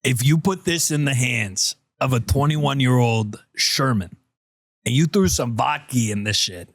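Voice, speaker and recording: A man's voice: medium pitch, a little slow, fairly bright tone, dry recording, clean studio sound. A man co-hosting a podcast in casual chat, enthusiastic and swearing freely. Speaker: podcast host.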